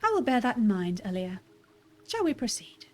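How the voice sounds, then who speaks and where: A woman's voice: a little high, sing-song, normal speed. A woman reading aloud the lines of a formal, dutiful male robot servant in a stiff, polite manner. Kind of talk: reading game dialogue aloud.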